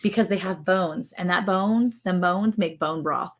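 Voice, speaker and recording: A woman's voice: on the low side, a little slow. A woman hosting a casual livestream from her ranch, chatting playfully and joking while reading out viewer comments. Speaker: livestream show host. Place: ranch home.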